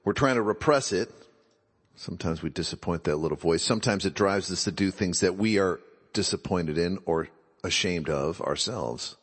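A man's voice: low-pitched, moderate pace, breathy edge, in a large hall. A man giving a reflective talk, musing aloud and posing rhetorical questions.

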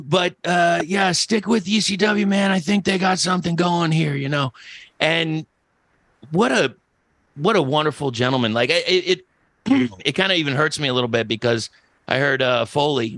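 A man's voice: medium pitch, bright, forceful tone, dry recording. Rambling, profane middle-aged man. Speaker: podcast host. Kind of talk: casual podcast chat.

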